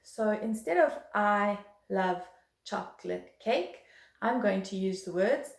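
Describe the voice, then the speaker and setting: A woman's voice: mid-range voice, lively intonation, slow, creaky. A woman teaching a beginner violin lesson, patient and encouraging, counting rhythms aloud. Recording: roomy echo.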